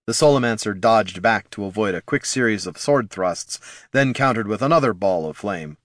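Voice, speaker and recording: A man narrating a fantasy audiobook in a steady, measured way. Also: fairly low pitch, no echo, clean studio sound.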